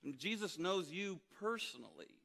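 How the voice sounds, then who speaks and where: A man preaching a sermon as pastor, telling a story in an animated way and acting out the voices of those in it. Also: high-pitched, moderate pace, gravelly. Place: church auditorium. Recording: long hall reverb.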